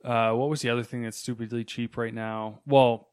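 A man's voice: medium pitch, flat delivery, normal speed, clear, resonant tone. A young man co-hosting a casual gaming podcast, chatty and easygoing, with hesitant fillers. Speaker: podcast co-host. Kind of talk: casual gaming news chat.

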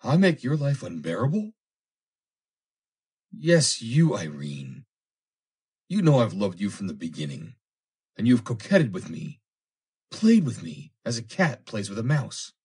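A jealous, possessive man, as a reader plays him, pleading in a husky voice that keeps rising and falling. His pleas sour into bitter threats against a rival. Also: mid-range voice, huge pitch swings, a little slow, pauses often, a little mellow, voice pushed up, full character voice.

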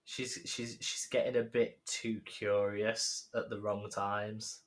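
A man's voice: lowish voice, level tone, takes it slowly. A man co-hosting a podcast, chatting casually with short remarks and sometimes reading notes aloud. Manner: brief interjections, reads notes aloud. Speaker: podcast co-host. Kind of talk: casual chat.

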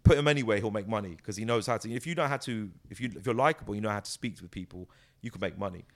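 A man, a guest chatting in an interview, telling animated stories with restarts and bursts of impressions. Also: fairly low pitch, racing. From United Kingdom. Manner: animated storyteller, breaks into impressions, many restarts. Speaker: interview guest, comedic actor. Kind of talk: casual conversational interview.

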